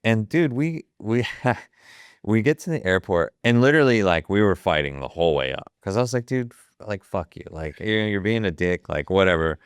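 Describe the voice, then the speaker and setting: A man in his fifties from Ohio, a photographer appearing as a guest, tells a story casually in a lowish, animated voice at normal speed. The recording is smooth, echo-free, and studio quality, and his retelling is vivid and full of profanity, with the quoted dialogue acted out.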